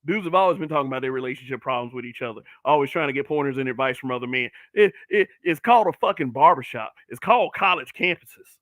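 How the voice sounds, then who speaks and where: A middle-aged man hosts his own online broadcast in a mid-range, fairly bright voice, talking quickly with lively intonation and few pauses on a dry recording. His brutally honest solo commentary is a blunt, heavily profane rant full of mocking put-on voices.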